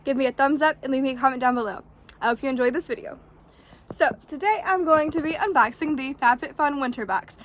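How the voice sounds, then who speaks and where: A young woman with a high, bright voice chats quickly through a casual unboxing vlog. She is out of breath from the cold and talks in a bubbly, rushed way. Faint outdoor ambience sits behind her. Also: slight background noise. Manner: fast, chatty and bubbly. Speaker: vlogger. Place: outdoors in the snow.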